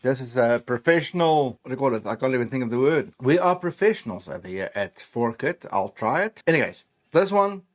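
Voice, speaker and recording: A man's voice: medium pitch, animated, a little fast. A man from South Africa chatting casually as he tastes and rates food, rambling and trailing off mid-sentence with self-deprecating asides. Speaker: food vlogger. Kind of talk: casual food-tasting chat.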